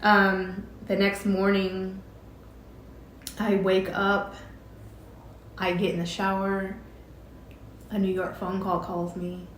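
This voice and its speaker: A woman telling her own story in a relaxed, chatty way, often breaking into laughter as she recounts what was said. Her voice sits in a mid range and carries a roomy echo. A faint ambience hums behind her. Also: mid-range voice, slow pace, pauses often, a little hiss or hum. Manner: chatty, recounts conversations with frequent "I'm like" and laughs. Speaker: host telling a personal story. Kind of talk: casual personal storytelling.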